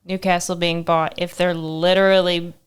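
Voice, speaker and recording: A woman co-hosts a casual podcast chat in a smooth, clear voice. She rambles and giggles often, and her questions wander before they land. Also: lowish voice, little pitch movement, moderate pace. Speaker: podcast producer and co-host.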